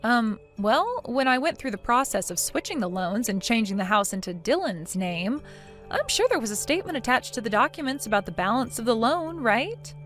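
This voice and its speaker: A woman's voice: on the high side, sing-song, moderate pace, a bit bright, soft background music. Woman reading a bitter family quarrel. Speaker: reader voicing both sides of a text-message argument. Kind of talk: scripted story reading.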